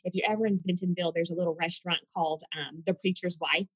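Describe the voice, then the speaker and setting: A woman from Oklahoma, a mother of school-age sons, telling personal stories in an animated, expressive way as a guest in a conversation. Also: fairly low pitch, fast talker, husky, dry recording, rough recording. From Tulsa, Oklahoma, US. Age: adult mother of school-age sons. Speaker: podcast guest.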